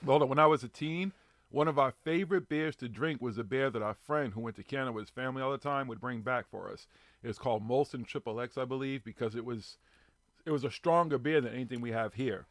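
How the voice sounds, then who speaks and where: A man's voice: mid-range voice, fairly quick, a bit bright, no echo. A man in his thirties hosting a live online show, chatting casually and telling loose stories with plenty of swearing. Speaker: podcast host. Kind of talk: casual chat on a live stream.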